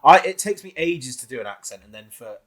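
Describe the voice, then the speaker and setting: A young man from the Southwest of England co-hosting a casual let's-play, playful and quick to laugh. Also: medium pitch, big pitch swings, crowd noise, rough recording. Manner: playful, sings and laughs along. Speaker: gaming co-host.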